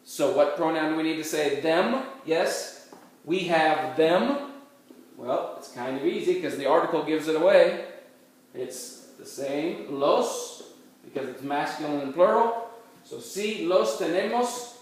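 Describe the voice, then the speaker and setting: A man teaching a recorded Spanish grammar lecture, patiently explaining step by step and slowly modelling phrases. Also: on the high side. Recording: very echoey room, mic far off, faint noise.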